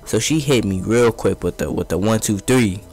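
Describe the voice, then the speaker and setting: A man's voice: lowish voice, moderate pace, a little mellow, faint music behind. A young man casually telling a story over gameplay, rambling in profane street slang.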